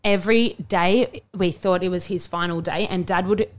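Chatty Australian woman, lowish voice. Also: steady tone, normal speed. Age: young adult. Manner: chatty and emotional, many restarts and "like"s. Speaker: podcast co-host. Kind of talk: casual chat.

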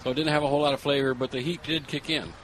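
A man's voice: medium pitch, steady tone, racing, fairly bright tone, slight background noise, poor audio. A man, a plant nursery manager, explaining plainly on a radio show. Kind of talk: casual radio chat.

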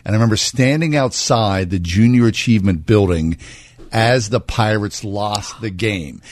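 A man's voice: fairly low pitch, moderate pace, dry recording. A man in his sixties co-hosting a radio show, telling self-deprecating stories in a jovial, casual way. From Pittsburgh.

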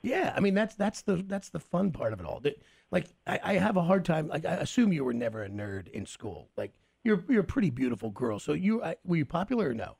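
A man hosting a casual chat, telling childhood stories in an animated, cussing way. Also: on the high side, a little fast, gravelly, slightly rough, no room sound. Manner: animated, swearing storyteller.

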